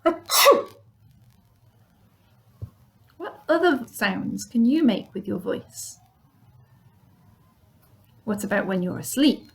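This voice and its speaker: A woman teacher talking slowly and clearly to young children, showing them different sounds in a lesson. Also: fairly high pitch, animated, darkish tone. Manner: demonstrates sounds, bilingual repetition.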